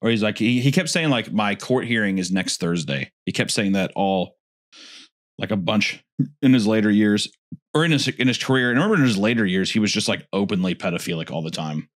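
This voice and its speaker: A man's voice: on the low side, fairly quick. A man co-hosting a comedy podcast, chatting casually, swearing and laughing easily. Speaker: podcast co-host.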